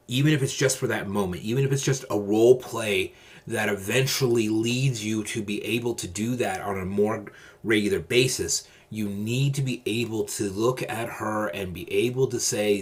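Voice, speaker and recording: A man hosting his own channel, giving advice in a calm, measured, deliberate casual monologue. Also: lowish voice, breathy edge.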